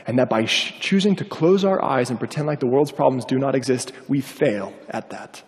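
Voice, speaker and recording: A man's voice: medium pitch, normal speed, long reverb tail. A man preaching a sermon, telling a personal story and acting out the voices of the people in it. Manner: animated, acts out quoted voices.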